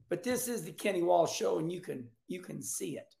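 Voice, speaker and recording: A middle-aged man hosts a casual racing talk show, animated and folksy with loud outbursts. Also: sits high, moderate pace, vocal fry. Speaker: show host. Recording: echoey room.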